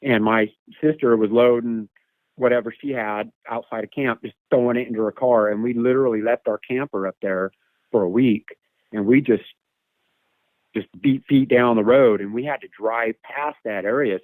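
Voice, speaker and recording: A man's voice: medium pitch, no echo. Man telling a story over a tinny phone line. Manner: animated, imitates animal calls. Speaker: caller sharing an encounter story. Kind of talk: casual storytelling.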